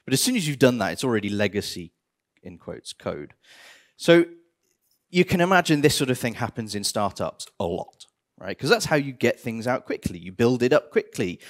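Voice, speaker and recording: Animated man giving a tech talk. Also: mid-range voice. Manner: animated, theatrical outbursts of mock despair. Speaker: conference speaker. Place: conference hall stage.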